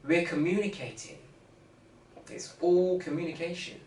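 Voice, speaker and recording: A man's voice: medium pitch, little pitch movement, brisk, fairly bright tone. A man co-hosting a podcast, talking casually and rambling, often saying "you know what I mean". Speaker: podcast co-host. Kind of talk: casual chat. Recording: roomy echo, far from mic, faint hiss.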